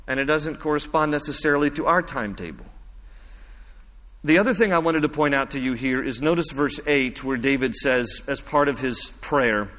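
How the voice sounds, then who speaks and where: A man preaching a sermon as a pastor, earnest, falling soft and slow at the key lines. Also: medium pitch. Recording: long reverb of a large hall.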